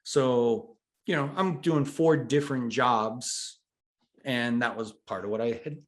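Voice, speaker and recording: A man's voice: mid-range voice, a little slow. A middle-aged man chatting as a podcast guest, telling a work story and acting out the quoted back-and-forth. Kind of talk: casual storytelling chat.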